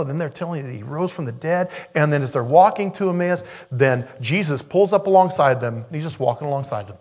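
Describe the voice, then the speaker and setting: Animated male preacher, higher voice. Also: a little fast. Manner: animated storytelling, acts out quoted voices. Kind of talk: sermon.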